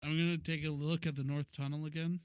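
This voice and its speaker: A man's voice: a little high, little pitch movement, fast talker, clean tone, no echo, clean studio sound. A man playing a tabletop role-playing game and talking in a plain, joking way. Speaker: player. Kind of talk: casual tabletop play.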